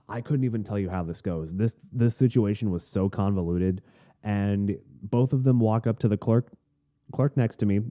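This man hosts a podcast and tells a lengthy, meandering story, poking fun at himself with dry wit. His voice sits on the low side with a dark tone, and he keeps a moderate pace. His American accent is unmarked and not Southern, and the talk is relaxed and anecdotal.

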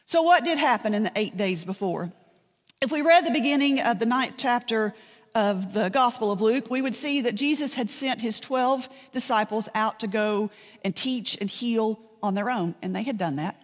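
A woman pastor delivers a sermon with a fairly high voice. She tells the story conversationally and drops dry asides. Her voice carries a long reverb from a church hall. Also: moderate pace.

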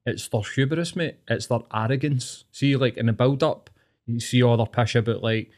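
A man's voice: medium pitch, moderate pace, darkish tone. Blunt, sweary Scottish man. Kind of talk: casual chat.

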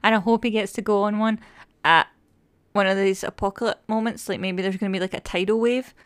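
A woman's voice: medium pitch, steady tone, brisk, smooth, dry recording. A woman co-hosting a casual review chat, eager and opinionated. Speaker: podcast co-host.

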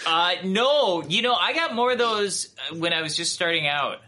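A man with a Minnesotan accent, chatting as an interview guest in a relaxed, halting way. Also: high voice. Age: adult with a child. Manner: relaxed, halting, many fillers and restarts. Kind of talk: casual interview chat.

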